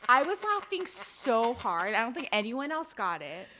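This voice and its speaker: A woman co-hosting a podcast in casual chat, recapping scenes as a lively storyteller with exasperation. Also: on the high side, normal speed, heavy background noise. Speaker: podcast co-host.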